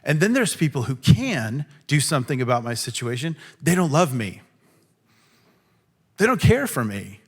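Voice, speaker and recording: A man preaching a sermon in a conversational tone, now and then acting out biblical quotes with sudden raised shouts. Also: medium pitch, very animated, moderate pace, breathy edge. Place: church hall.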